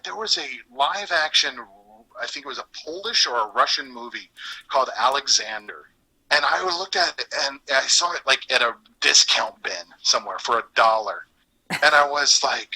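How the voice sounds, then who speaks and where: A man's voice: a little high, normal speed, slightly rough, low-quality recording. A man, a former voice actor, casually telling stories in an interview, laughing often and acting out quoted lines. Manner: animated, laughs often, acts out quoted dialogue.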